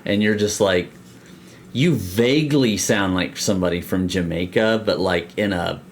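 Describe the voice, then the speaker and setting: A man co-hosting a podcast in casual chat, profane and animated, slipping into voices when he quotes people. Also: sits low, moderate pace, slight background noise. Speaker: podcast co-host.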